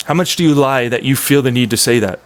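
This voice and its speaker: A man's voice: medium pitch, quick pace. A man ranting in a casual, profane, rambling monologue as a streamer, often slipping into mocking voices.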